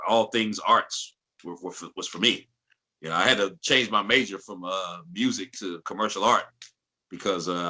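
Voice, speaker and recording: A man in his fifties from St. Louis speaks low, yet his voice has a strikingly bright, cutting edge. He tells stories loosely and with animation, slipping into impressions. His voice sits in a deep bass register. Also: low-quality recording. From St. Louis, Missouri. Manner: animated storyteller who breaks into impressions and laughs. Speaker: guest voice actor. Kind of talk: casual interview storytelling.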